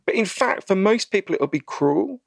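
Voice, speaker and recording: Animated male storyteller, dry close mic. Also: sits high, normal speed, gravelly, no echo. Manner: animated storyteller, acts out quoted voices, frequent "right?". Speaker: author interviewed about his book. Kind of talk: conversational interview.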